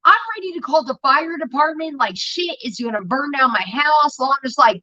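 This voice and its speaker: A young woman telling rambling, profane stories in casual chat, getting animated as she retells them. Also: sits high, moderate pace, hardly any pauses. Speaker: show host. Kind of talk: casual storytelling rant. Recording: dull lo-fi stream audio.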